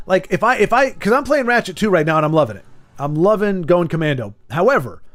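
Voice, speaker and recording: A man chatting casually on a live game stream, rambling, joking and correcting himself as he goes. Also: sits high.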